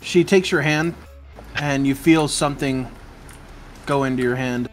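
A man narrating as game master in a tabletop game, slow and measured. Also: medium pitch, faint music behind.

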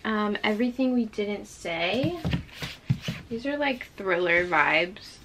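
Sorting her bookshelf, this woman talks about her books with casual enthusiasm and wanders off topic easily, as book vloggers do. She has a medium-pitched voice with lively intonation and takes her time. Background noise comes from a fan running in her bedroom.

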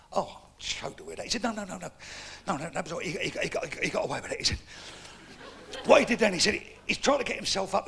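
Gravelly Cockney comedian telling jokes. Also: male voice, sits high, a bit bright. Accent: London Cockney. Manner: rapid storytelling, acts out characters in his jokes. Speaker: stand-up comedian. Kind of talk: live stand-up joke telling. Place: theatre stage. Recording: live show with faint audience noise.

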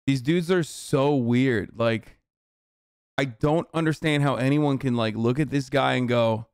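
A man's voice: mid-range voice, a little slow, a little mellow, clean tone, no echo, studio quality. A man streaming casual reaction commentary, incredulous, mocking and profane.

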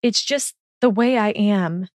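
An earnest, stubborn young witch, as a woman puts her on. She speaks up higher than the narrator, insistent and worried. The sound is dry and close. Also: a little slow, no room sound, natural voice.

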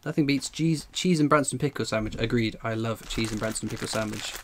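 A man chats away on his livestream, jokey and rambling as he reads out chat messages. He talks at a middling pitch and sounds buzzy from strong coffee. A faint hiss sits under his voice. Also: a little fast. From England. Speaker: livestream host, coin collector.

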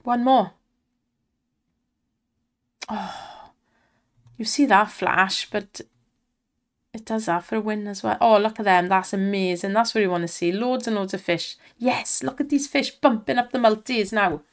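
Excitable woman cheering slot spins. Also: mid-range voice, unhurried, pauses often. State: strained voice from shouting. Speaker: slot streamer.

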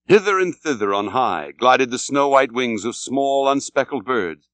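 A man narrating an audiobook in a solemn, dramatic, measured way. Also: mid-range voice, expressive, fairly bright tone, dry recording.

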